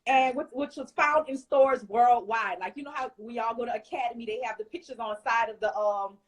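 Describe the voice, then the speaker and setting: A woman's voice: fairly high pitch, a little fast, rough recording. A woman hosting a talk show who asks interview questions and praises her guest encouragingly.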